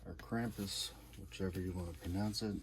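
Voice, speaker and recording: A man's voice: low-pitched, unhurried, darkish tone. A man casually showing off his record collection in short, laid-back, repetitive comments. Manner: laid-back, repetitive, enthusiastic one-liners. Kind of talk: casual show-and-tell. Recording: noticeable background noise.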